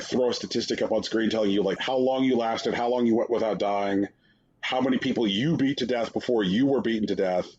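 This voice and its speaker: A man's voice: fairly low pitch, highs cut off, slight background noise. A man co-hosting a podcast, giving wry, rambling game reviews in casual chat, full of "like" fillers. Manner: rambling, wry, heavy use of "like". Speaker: podcast co-host.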